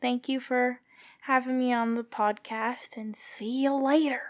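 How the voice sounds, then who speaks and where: A woman's voice: a little high, fairly even intonation, measured pace, dry recording, dull audio. A young woman guest on a gardening podcast, answering questions in a plain, matter-of-fact way. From Southwestern Quebec. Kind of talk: casual podcast interview answers.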